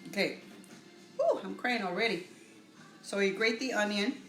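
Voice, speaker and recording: A middle-aged woman hosting a casual live cooking demo from her home kitchen, chatty and halting, stopping to greet viewers by name. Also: mid-range voice, a bit bright. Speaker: cooking show host. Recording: echoey room with faint music.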